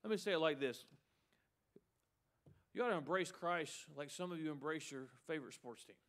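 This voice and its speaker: A man's voice: on the high side, animated, moderate pace, fairly bright tone. A middle-aged male pastor preaching a sermon with emphasis, repeating a refrain and mocking excuses.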